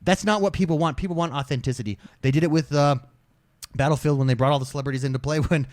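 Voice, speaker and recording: A man co-hosting a casual gaming podcast, ranting in an animated way. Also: fairly high pitch, fast, no room sound. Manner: animated, ranting, mocking impressions. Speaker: podcast co-host.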